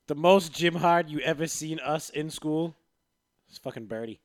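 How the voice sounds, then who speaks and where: A man's voice: a little high, moderate pace, no echo. A man co-hosting a casual podcast, rowdy, laughing often and swearing a lot. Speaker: podcast co-host. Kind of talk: casual banter among friends.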